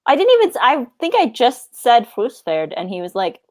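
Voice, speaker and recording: A woman's voice: on the high side, huge pitch swings, moderate pace, darkish tone. Joking woman podcast co-host. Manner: joking, laughs often. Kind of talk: casual chat.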